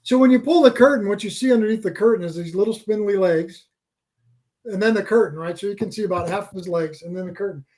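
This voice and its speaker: Middle-aged guy telling a story on a podcast, animated, repeats himself, high-ish voice. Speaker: podcast guest. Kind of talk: casual storytelling.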